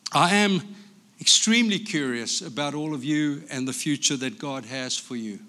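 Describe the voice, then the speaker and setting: A man from Africa, a pastor, preaching a sermon in an animated, storytelling way. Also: a little high.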